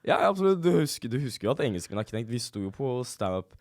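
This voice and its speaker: A man's voice: mid-range voice, sing-song, very fast, no echo. A young man from Turkey, a guest comedian speaking English with a Norwegian tinge in a podcast studio, laughing often and restarting his sentences. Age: young adult. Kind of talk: casual podcast chat.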